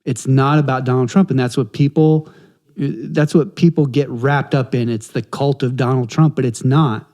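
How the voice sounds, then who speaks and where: A man's voice: mid-range voice, steady tone, normal speed, dark tone. A man co-hosting a political talk podcast, emphatic and repeating points to drive them home. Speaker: podcast co-host. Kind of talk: casual political chat.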